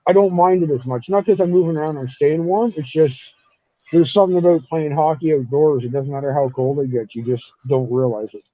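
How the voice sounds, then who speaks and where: Brisk and a little high-pitched, this man is a podcast guest spinning profane cold-weather stories in casual conversation. There's no echo, and the recording sounds dull, dry and lo-fi.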